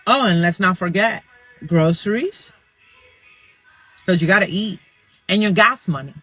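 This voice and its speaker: A man's voice: high voice, unhurried, pushed and bright, breathy edge, dry recording, soft background music, rough recording. A man explaining wages to camera, working through the numbers step by step. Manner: walks through figures step by step. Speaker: commentator.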